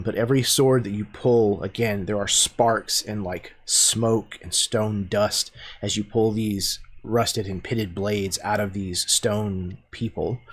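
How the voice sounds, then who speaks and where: Slow, husky-voiced man narrating a game. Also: fairly low pitch. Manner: descriptive, unhurried, with many fillers. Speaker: game master.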